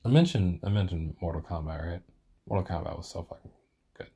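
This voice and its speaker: A man's voice: deep voice, a little fast, mellow, breathy edge. A man hosting a solo podcast, rambling casually and swearing a lot, with self-deprecating asides.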